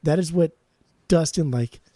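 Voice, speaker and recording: A man co-hosts a casual music podcast, gushing and rambling with plenty of swearing. His voice sits a little high yet sounds warm and mellow. The sound is close and dry. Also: measured pace, no echo. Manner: enthusiastic, rambling, swears freely. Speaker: podcast co-host. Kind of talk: casual chat about music.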